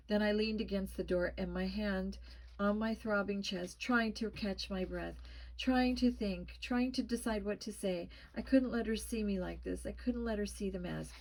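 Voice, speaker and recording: A woman narrating a spooky children's story with a tense, expressive reading. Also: mid-range voice, vocal fry, rough recording. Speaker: storybook reader.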